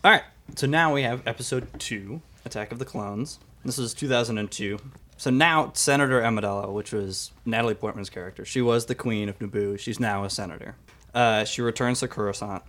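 A man in casual chat, giving a steady, explanatory recap. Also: mid-range voice, a little fast.

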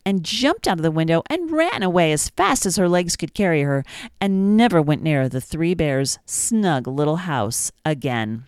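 A woman hosting a children's storytime show, reading a storybook aloud in a gentle, even manner. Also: low voice, normal speed, smooth, dry recording, studio quality. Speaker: podcast storytime host.

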